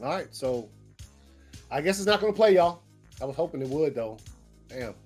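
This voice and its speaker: High-voiced man riffing on movie news. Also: normal speed, breathy edge, soft background music. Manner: animated, slangy and profane, thinking aloud. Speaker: pop-culture show host. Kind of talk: casual news commentary.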